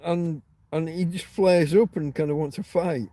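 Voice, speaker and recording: A man's voice: on the high side, moderate pace, hardly any pauses, mellow, no echo. A man hosting a casual livestream, rambling through stories and answering viewer comments. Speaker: livestream host.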